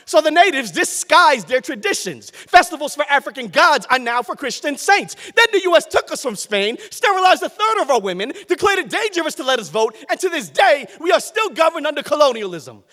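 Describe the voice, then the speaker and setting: A man from Puerto Rico performs a slam poem in a rhythmic, impassioned cadence. His voice sits very high for a man and swings widely in pitch. The sound carries a long reverb from a large hall. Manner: rhythmic, impassioned, building to shouts. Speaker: slam poet. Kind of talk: spoken word poetry performance. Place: stage at a live poetry event.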